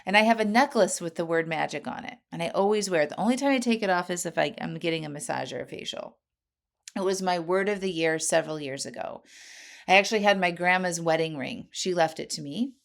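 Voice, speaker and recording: A woman in her forties hosting a podcast, telling a personal story in an earnest, animated way with frequent asides to the listener. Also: lowish voice, a little fast, creaky. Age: 40s. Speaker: podcast host.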